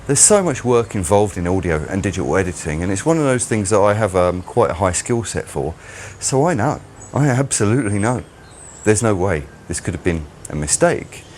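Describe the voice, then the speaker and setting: A man's voice: lowish voice, sing-song, moderate pace, a little mellow, slight background noise. A man hosting his own channel, delivering a rambling, mocking solo commentary. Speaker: channel host.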